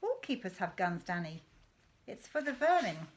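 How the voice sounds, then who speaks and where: A woman's voice: mid-range voice, big pitch swings, moderate pace, lightly acted. A woman reading aloud voices a boastful, mischievous father who relishes telling his son tall tales about poaching. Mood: conspiratorial.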